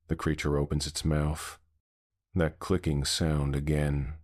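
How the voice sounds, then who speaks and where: A man narrating a scripted horror story in a measured, somber way. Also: extremely low pitch, little pitch movement, darkish tone, dry recording, studio quality.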